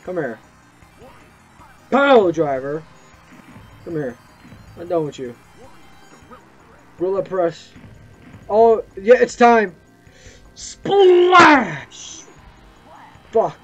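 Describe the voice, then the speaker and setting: A young man gives loud, excitable gameplay commentary, yelping and cursing as he plays. His voice sits high, swings widely in pitch and has a husky edge. The recording is dull and muffled, with faint game music behind him. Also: slow, pauses often. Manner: excitable, yelps and swears at the game. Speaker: gameplay streamer.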